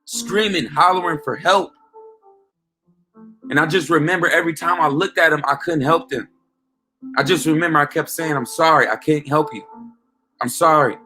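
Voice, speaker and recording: A man's voice: on the high side, moderate pace, long pauses, sharp tone. Fiery man preaching with faint music. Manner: emphatic, peppers talk with "man" and "okay?". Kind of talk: informal street preaching.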